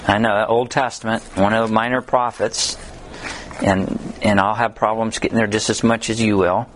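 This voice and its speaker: A man's voice: on the low side, level tone, moderate pace, a bit bright, a little hiss or hum. A man teaching a Bible study in a conversational way, telling humorous stories and reading scripture aloud.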